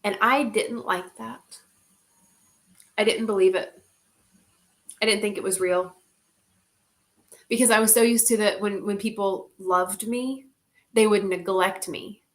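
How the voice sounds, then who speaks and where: A woman leading an online group, talking casually, candid and heartfelt, with many "like"s and the odd swear word. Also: medium pitch.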